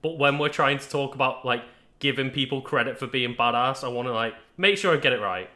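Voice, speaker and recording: A man's voice: mid-range voice, brisk, pushed and bright. A man chatting casually on a podcast in a laid-back, easygoing way. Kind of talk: casual chat.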